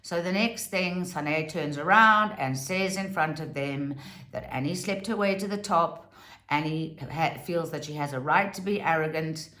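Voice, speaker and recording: A woman's voice: low voice, unhurried, bright, forceful tone, reverberant. A woman giving a casual, sarcastic and theatrical review of a reality TV show.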